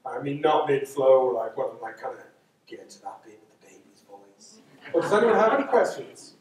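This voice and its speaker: A man's voice: medium pitch, sing-song, a little fast, darkish tone. A man with a Dublin Irish accent, telling stories to a live audience in a lecture hall, chatty and self-mocking, with lots of asides. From Ireland. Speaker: storyteller. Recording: echoey hall, voice from far off.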